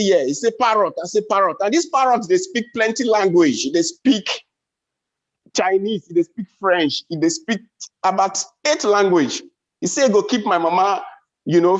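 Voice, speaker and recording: Nigerian Pidgin stand-up man, high voice, lively swoops, dull lo-fi event sound. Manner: animated storytelling, big pitch swings. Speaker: comedian. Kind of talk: stand-up comedy.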